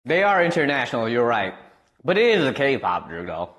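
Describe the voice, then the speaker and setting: Laid-back young man streaming, lively pitch. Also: moderate pace. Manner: laid-back, rambling, answers chat messages aloud. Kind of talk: casual live-stream chat.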